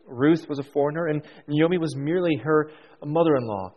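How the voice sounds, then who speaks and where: A man preaching a sermon in an earnest way, dropping to hushed lines and then rising with emphasis. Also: a little high, brisk. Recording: dull sound in a long-reverb hall.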